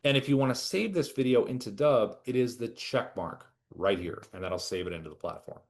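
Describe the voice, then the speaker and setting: A man giving a relaxed, chatty software tutorial as a product trainer. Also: medium pitch, brisk. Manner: relaxed, chatty, with lively ups and downs. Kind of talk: casual screen-share tutorial.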